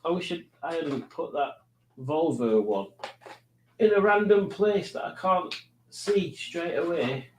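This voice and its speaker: A man's voice: on the high side, expressive, unhurried, a little hiss or hum. A middle-aged British man hosting a live chat stream, rambling, self-mocking and easily sidetracked. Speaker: livestream host.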